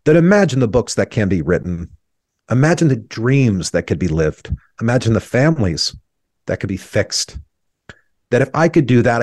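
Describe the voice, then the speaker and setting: An interview guest in his thirties recounts something painful from his own life, earnest and thoughtful, with his voice occasionally cracking with emotion. He speaks at a medium pitch with a darkish tone, in a dry, studio-quality recording.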